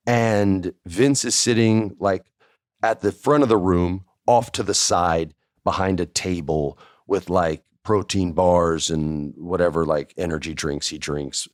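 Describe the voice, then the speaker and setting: A man's voice: low voice, measured pace, dry recording, studio quality. A man hosting a podcast, telling a casual first-person story in a chatty way and acting out the dialogue. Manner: chatty, acts out quoted dialogue. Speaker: podcast host.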